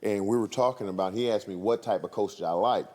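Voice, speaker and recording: A man's voice: on the low side, fairly quick. A middle-aged man from Arkansas, a former player animatedly telling a story on a reunion panel and acting out the voices. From Arkansas, USA. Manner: animated, laughing, acts out voices in his anecdote. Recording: echoey hall.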